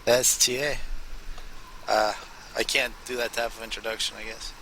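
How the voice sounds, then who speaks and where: A man giving casual co-commentary on a strategy game, chiming in with quick upbeat remarks. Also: mid-range voice, level tone, heavy background noise.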